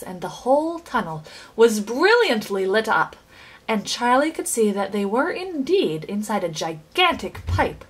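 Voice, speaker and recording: A woman reading a children's book aloud with expressive, animated storytelling. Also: fairly high pitch, breathy edge, rough recording. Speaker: reader.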